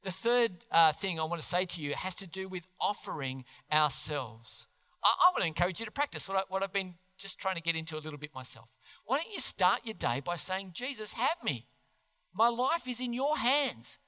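A man preaching a sermon as pastor in a church, earnest and animated, putting questions to the congregation. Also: high-pitched, fairly quick. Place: church hall. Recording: long hall reverb.

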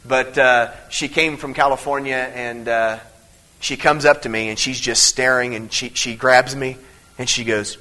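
Bright-voiced man preaching a sermon. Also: mid-range voice, fairly even intonation, normal speed, poor audio. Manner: earnest, conversational preaching with many restarts and fillers; swings between emphatic teaching and quiet storytelling. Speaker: pastor. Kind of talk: evening sermon with personal stories.

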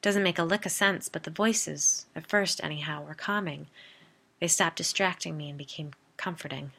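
A woman reading the part of a gruff, plainspoken middle-aged man in a spoken story. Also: low-pitched, normal speed, bright, forceful tone, heavily acted. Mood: grim.

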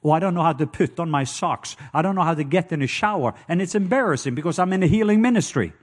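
A man's voice: on the high side, expressive, fast. A man with a Norwegian accent preaching a sermon, telling stories and joking with the congregation. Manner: storytelling, playful asides to the congregation.

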